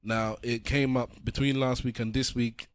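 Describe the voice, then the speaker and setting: A man's voice: medium pitch, moderate pace, no echo, clean studio sound. A man hosting a podcast, chatting casually and acting out voices as he tells stories. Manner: animated storytelling, acting out voices. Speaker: podcast host. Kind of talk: casual chat.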